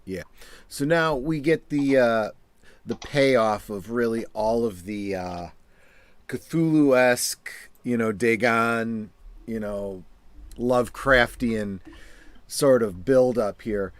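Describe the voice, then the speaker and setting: Guy co-hosting a chill podcast, mid-pitched voice, rambles out long loose explanations. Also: takes it slowly. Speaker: podcast co-host. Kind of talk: casual chat reviewing a cartoon episode.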